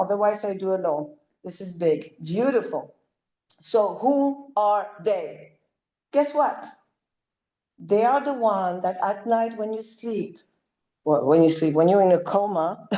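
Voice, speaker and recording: Slow, mellow-voiced woman chanting commands. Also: medium pitch, poor audio. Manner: commanding incantations, soft coaxing asides. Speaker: spiritual healer leading a session. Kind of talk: live spiritual clearing session.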